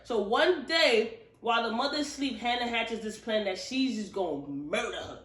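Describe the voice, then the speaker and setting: A woman recapping a thriller novel in a casual, animated book review, cursing freely and talking straight to viewers. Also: fairly high pitch, normal speed. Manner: animated, profane, chatty storytelling. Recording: roomy echo.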